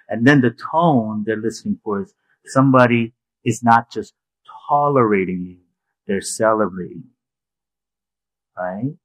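Slow, husky-voiced male preacher. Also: mid-range voice, fairly bright tone, dry recording, rough recording. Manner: repeats points, asks the room "right?". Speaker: pastor. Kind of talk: sermon.

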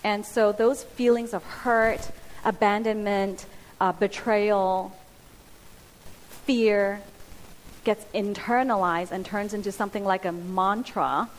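A woman giving a sermon, speaking earnestly with pauses and restarts. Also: mid-range voice. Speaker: preacher. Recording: hissy hall with long reverb.

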